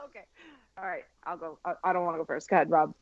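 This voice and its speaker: A woman's voice: fairly low pitch, very animated, dry recording. Chatty female podcast guest, dry muffled sound. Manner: chatty, reactive, quick interjections. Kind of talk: casual chat.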